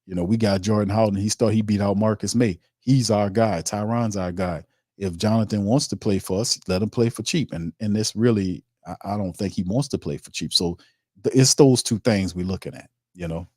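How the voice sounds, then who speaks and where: A man's voice: fairly low pitch, a little fast, darkish tone, dry recording, studio quality. A man hosting a sports talk stream, reading chat comments and ranting emphatically in informal, streetwise speech. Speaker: sports show host.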